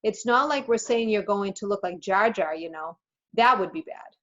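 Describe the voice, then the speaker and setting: A cheerful, playful male ear doctor who talks patiently and reassuringly, as a woman reads him aloud. His voice sits at an ordinary middle pitch. The recording is slightly muffled. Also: normal speed, fairly bright tone, natural voice.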